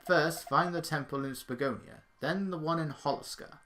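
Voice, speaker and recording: A man's voice: a little high, sharp tone, slight background noise. A man reading as an earnest old professor. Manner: reading game dialogue aloud, measured. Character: older male professor, earnest and scholarly.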